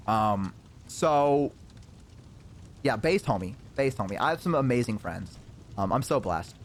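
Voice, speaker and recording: A man's voice: mid-range voice, expressive, a little slow, pauses often, a little hiss or hum. A man streamer telling a story in a casual way, rambling with lots of fillers and some swearing.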